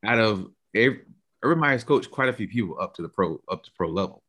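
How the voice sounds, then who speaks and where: A man's voice: fairly low pitch, lively intonation, a little fast, a bit bright, husky. A man co-hosting a podcast in casual chat, argumentative and given to spelling out long theories. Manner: argumentative, lays out theories at length. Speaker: podcast co-host.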